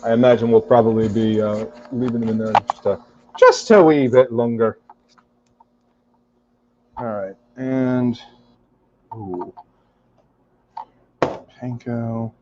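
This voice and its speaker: A man's voice: medium pitch, slow pace, long pauses, dark tone, slight background noise. A man cooking in his home kitchen, chatting casually with viewers in a wry, joking way and swearing now and then. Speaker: cooking streamer. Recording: muffled lo-fi home recording.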